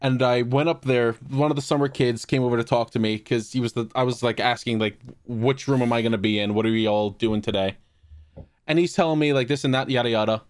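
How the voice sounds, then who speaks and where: A man's voice: medium pitch, fast, smooth, no room sound. A man co-hosting a podcast, telling prank stories in a casual chat and swearing freely. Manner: storytelling, swears often, laughs at own pranks. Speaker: podcast co-host.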